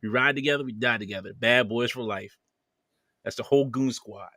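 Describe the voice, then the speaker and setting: A man's voice: medium pitch, fairly quick, bright, forceful tone, dry recording, studio quality. A man hosting a podcast, casually reading viewer comments aloud with playful banter and frequent laughter. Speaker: podcast host.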